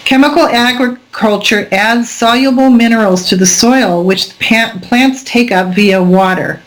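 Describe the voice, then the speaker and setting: A woman's voice: on the high side, unhurried, poor audio. A middle-aged woman hosting an internet radio talk show, reading an article aloud and breaking off into earnest, rambling asides. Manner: earnest, rambling asides between read passages.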